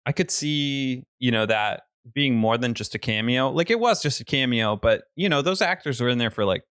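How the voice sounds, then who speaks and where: A man's voice: medium pitch, animated, moderate pace, a bit bright, smooth, no room sound, studio quality. A man co-hosting a podcast, chatting casually about a movie, rambling and laughing often as he restarts his sentences. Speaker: podcast co-host.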